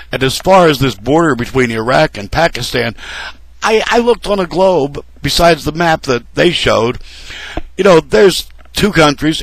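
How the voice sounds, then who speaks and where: A man's voice: mid-range voice, gravelly, no echo, low-quality recording. A man delivering a sarcastic, scolding political rant, speaking straight to the candidates as if they were listening. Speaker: political commentary vlogger. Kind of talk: ranting political commentary to camera.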